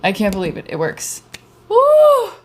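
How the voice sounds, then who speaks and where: A woman's voice: mid-range voice, unhurried, fairly bright tone, a little hiss or hum. A young woman livestreaming from her home studio while she paints, chatting in a bubbly, rambling way into a desk microphone. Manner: chatty, bubbly, trails off and restarts. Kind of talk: casual chat while painting.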